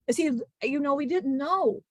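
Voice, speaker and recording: A woman channeling the spirit of an ancient male disciple, telling a grieving testimony in halting, emotional bursts with many restarts. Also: high voice, no room sound, close to an everyday voice. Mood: solemn.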